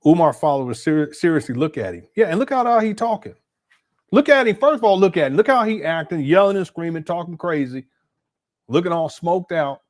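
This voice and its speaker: A middle-aged man hosting a livestream and reacting to clips in loose, colloquial talk. He often stammers and repeats himself as he reacts in disbelief. His voice sits a touch high for a man. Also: expressive, a little fast. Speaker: livestream host. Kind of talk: casual commentary.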